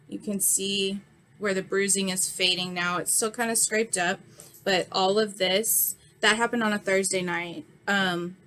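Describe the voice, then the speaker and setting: This vlogger has a lowish, fairly bright voice. In her thirties and nursing an injured, swollen eye, she gives a frank, heated retelling of an incident as a casual storytime monologue, filled with fillers.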